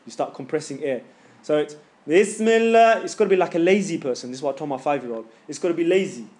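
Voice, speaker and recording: A middle-aged Quran recitation teacher leads a live tajweed class, casually coaching his students and demonstrating the sounds himself. His voice is fairly high and a little mellow, and he speaks very fast.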